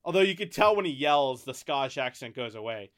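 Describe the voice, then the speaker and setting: An American man co-hosting a podcast in casual chat, rambling, thinking out loud and swearing often. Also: mid-range voice, expressive, fairly quick. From United States. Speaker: podcast co-host.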